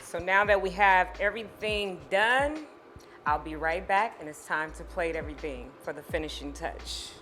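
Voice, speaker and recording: A woman's voice: on the low side, moderate pace, pushed and bright. A woman hosting a home cooking tutorial, chatting playfully and speaking straight to her viewers. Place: home kitchen. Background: music.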